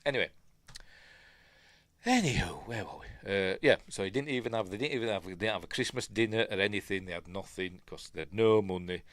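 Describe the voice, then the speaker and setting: A man's voice: on the low side, brisk, fairly bright tone, no room sound. A man with a Yorkshire accent casually breaking down a film, rambling and digressing with lots of fillers. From Yorkshire, England. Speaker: film reviewer.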